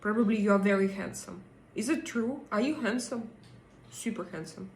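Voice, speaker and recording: A woman's voice: mid-range voice, normal speed, reverberant, slight background noise. A woman with a Russian accent, hosting a casual live stream, chatting with her viewers and reading their comments, with many fillers and hesitations. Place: home in Denmark.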